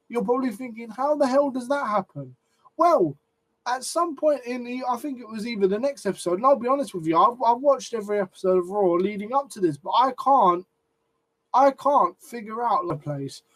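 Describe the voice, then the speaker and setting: A man's voice: high voice, a bit bright. A man giving a ranting, sweary opinion on wrestling, getting flustered and repeating himself as he goes. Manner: flustered, sweary, repeats words when annoyed. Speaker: wrestling commentary channel host.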